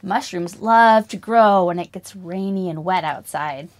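A woman's voice: on the low side, measured pace. A young woman leading a preschool music lesson, singing and talking to toddlers with exaggerated wonder and lots of questions. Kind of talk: children's lesson, singing and toy play.

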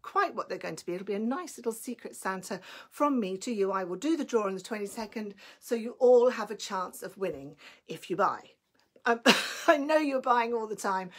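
Lady doing a live clothes sale, chatty, bit breathless, slightly husky, fairly high voice. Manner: chatty and enthusiastic, greets viewers by name. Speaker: online clothing seller. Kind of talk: live selling stream.

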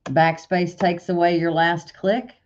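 A woman with a fairly low voice teaches embroidery software in a step-by-step screen-share tutorial. She corrects her own slips out loud as she clicks through menus. The recording sounds dull and lo-fi. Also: level tone, slow. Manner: step-by-step, corrects herself aloud.

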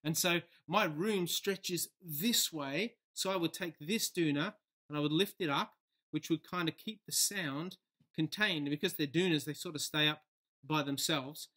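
Playful Australian man, slightly high voice, casual home tutorial on a laptop mic in a kitchen. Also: a little slow, sharp tone. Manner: playful, chatty, demonstrative. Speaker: video tutorial presenter. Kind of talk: casual how-to demonstration. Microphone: laptop built-in mic.

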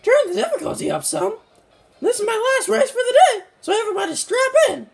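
A man voicing a hyper, boastful little male mushroom kart racer with a squeaky voice and a slight southern twang, excitable and yelping at every mishap during game commentary. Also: a little fast, gravelly, soft background music, full character voice. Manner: excitable, yelps and complains at mishaps. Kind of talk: let's-play game commentary in character.

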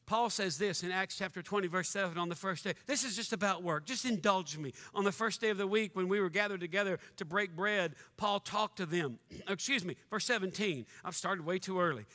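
A man preaching as pastor, animated and mock-angry, joking with his congregation in a church. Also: high voice, a little fast, hardly any pauses. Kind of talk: fiery sermon. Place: church sanctuary. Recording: long church hall reverb.

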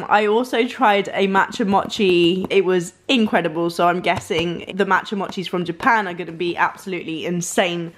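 A woman's voice: mid-range voice, slight background noise. A young woman vlogging casually, bubbly and gushing as she talks and laughing often. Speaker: fitness and food vlogger. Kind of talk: casual vlog.

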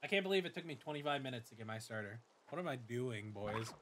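A young man streaming a game, commenting in an excitable, gushing way with swearing and dramatic self-mockery. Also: mid-range voice, fast talker, noisy background. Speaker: gaming streamer. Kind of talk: let's play commentary.

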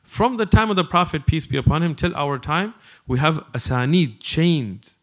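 A man preaches to a gathered audience in a fairly high voice that rises and falls with plenty of movement. He talks like he's chatting, throwing quick asides and questions to the people in front of him. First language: not Arabic. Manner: animated and conversational, with asides to the audience. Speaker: Islamic preacher. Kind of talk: lecture to a live audience.

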